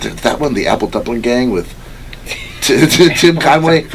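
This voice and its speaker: A man's voice: medium pitch, lively intonation, measured pace, a little hiss or hum. A man co-hosting a podcast, telling stories in a laid-back way with fillers and swearing. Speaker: podcast co-host. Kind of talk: casual chat. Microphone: camera recording setup.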